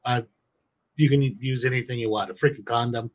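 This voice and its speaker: A man's voice: medium pitch, fairly even intonation, fairly quick. A man co-hosting a casual podcast, talking crudely and jokingly while he explains how to make wine and beer at home. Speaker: podcast co-host.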